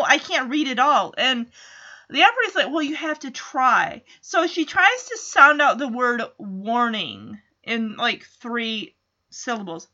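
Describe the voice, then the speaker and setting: A woman with a high, sharp, bright voice gives a chatty, animated recap of a TV episode. She acts out snippets of dialogue as she goes. The recording sounds dull and lo-fi. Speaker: show recapper.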